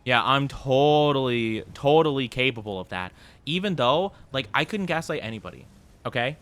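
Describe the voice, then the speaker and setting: A man's voice: medium pitch, expressive, normal speed, a bit bright. A young man streaming a video game, chatting casually with his viewers and teasing them in a playfully mock-indignant way.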